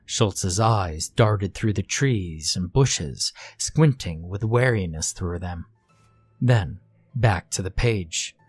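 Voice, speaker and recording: A man narrating a scripted horror story in a slow, hushed way. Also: sits low, expressive, slightly rough, no room sound, faint music behind.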